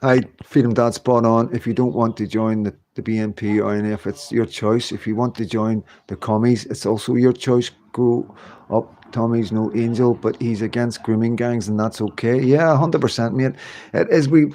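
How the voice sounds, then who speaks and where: A man's voice: mid-range voice, steady tone, normal speed, dark tone, slight background noise. Man, fifties, livestream host, rambling casual chat, laughs often, phone mic at home.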